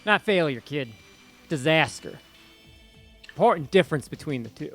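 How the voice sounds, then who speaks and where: A man's voice: fairly high pitch, expressive, normal speed, a bit bright, soft background music. A man playing a gloomy veteran pilot. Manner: gloomy, folksy, blunt. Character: gruff pessimistic veteran male pilot, older.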